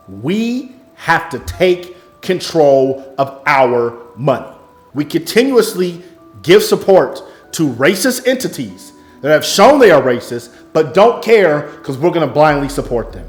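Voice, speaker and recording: A man's voice: a little high, big pitch swings, measured pace. A man delivering an impassioned, blunt, profane monologue as a music business coach. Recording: echoey room, faint music.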